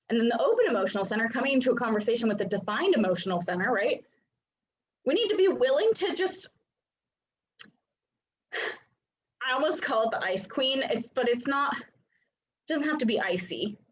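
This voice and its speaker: A high-pitched woman teaches in a loose, chatty way, sprinkling in filler likes and playful acted-out voices. The recording sounds dull and lo-fi. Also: sing-song, normal speed, pauses often. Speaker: human design coach. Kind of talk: casual teaching talk.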